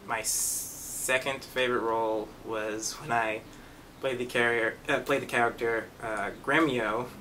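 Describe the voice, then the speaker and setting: A man's voice: on the low side, sharp tone, a little hiss or hum. A young man, an actor, chatting casually about his roles, laughing at himself as he goes. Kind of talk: casual interview.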